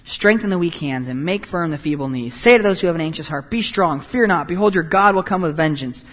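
A man preaching a sermon as pastor, animated, moving between quiet and loud passages. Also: on the high side, brisk, long reverb tail.

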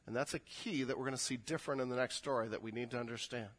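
A man preaching a sermon in an animated way, building to emphatic peaks. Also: medium pitch, rapid-fire, hardly any pauses. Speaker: pastor.

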